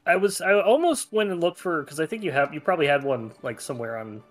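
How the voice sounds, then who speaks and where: A man's voice: on the high side, expressive, quick pace. A man chatting casually as a tabletop game player, stammering and laid-back.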